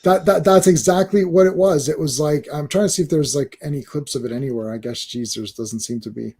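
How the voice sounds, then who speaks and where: A man from Canada chats casually as host of a live stream, telling long rambling stories full of restarts and acted-out quotes. His voice sits a little high and sounds mellow and warm. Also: brisk, breathy edge, rough recording. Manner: rambling storyteller, many restarts, acts out quotes.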